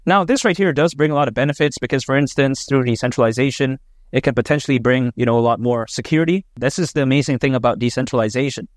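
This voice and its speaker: A man's voice: medium pitch, fast talker, no echo, clean studio sound. A man hosting his own crypto vlog, talking in a chatty, emphatic way with lots of "you know". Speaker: crypto channel host. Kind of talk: casual opinion vlog.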